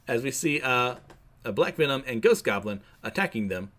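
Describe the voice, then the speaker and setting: A man's voice: medium pitch, expressive, normal speed, a bit bright. A man recapping a comic book in a casual, wry, chatty way with asides.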